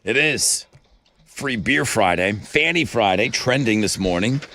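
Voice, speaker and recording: Slightly out of breath, a radio morning show host chats energetically and rambles as he jokes with callers in casual radio talk. His fairly low voice is expressive and sharp-toned, his pace unhurried, and the recording dry.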